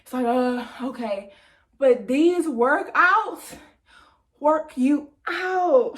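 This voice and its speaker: Excited breathless young woman vlogger. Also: sits high, drawn-out words, long pauses. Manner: excited, playful, chatty. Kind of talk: casual chat to camera.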